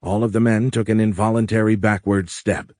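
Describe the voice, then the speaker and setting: A man narrating an audiobook in a steady, even storytelling delivery. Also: fairly low pitch, brisk, no echo, studio quality. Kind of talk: scripted narration.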